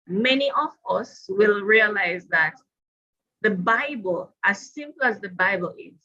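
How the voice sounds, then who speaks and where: A woman presenting a professional development workshop to teachers, deliberate and repeating her key points. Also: a little high, fairly bright tone, lo-fi sound.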